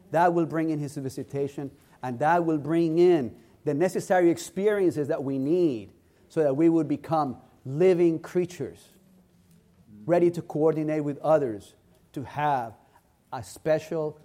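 A man's voice: a little high, mellow. A man preaching a sermon in an earnest, emphatic way, building his points through repeated phrases.

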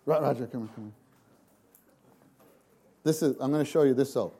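A man preaching a sermon, shifting from hushed, slow passages to sudden loud, dramatic exclamations. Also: mid-range voice, husky. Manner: slow, emphatic delivery.

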